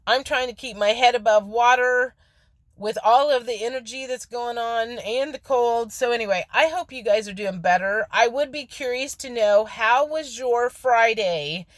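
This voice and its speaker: A woman's voice: a little high, moderate pace, no echo. A woman vlogging into her phone, chatty and candid, telling stories and acting out what people said. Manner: chatty, candid, acts out quoted dialogue. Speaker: spiritual vlogger. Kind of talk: casual storytelling monologue. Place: office.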